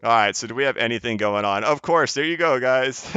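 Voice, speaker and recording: A man hosts a live stream from home, reading out viewer comments in a loose, rambling way, restarting his sentences and laughing along. His voice is bright and crisp, and he talks a little low. The stream audio is a bit dull and lo-fi. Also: normal speed, no echo. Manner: rambling, self-correcting, laughs often. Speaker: crypto live stream host.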